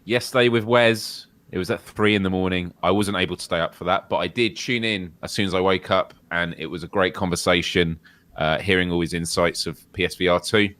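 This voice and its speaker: A man's voice: low-pitched, fairly even intonation, fairly quick, fairly bright tone, no room sound. A British man co-hosting a gaming podcast, chatting casually with wry, dry humor. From United Kingdom. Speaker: podcast co-host. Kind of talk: casual live-stream banter.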